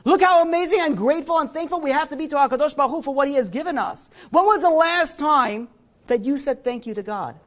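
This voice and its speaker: Here is a rabbi speaking to his congregation in a synagogue. His tone is loose and conversational, and he keeps his story moving with lively energy. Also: very high voice, fast talker. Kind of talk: Torah class in a synagogue.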